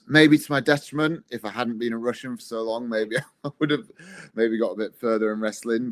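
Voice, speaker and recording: A man, a wrestler, chatting casually in an interview and telling rambling, self-deprecating stories. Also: lowish voice. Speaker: guest, wrestler.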